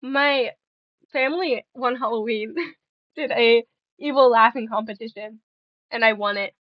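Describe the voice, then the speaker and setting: A woman's voice: on the high side, unhurried, dry recording, lo-fi sound. A young woman streaming and chatting casually with viewers, playful and giggly, rambling between stories.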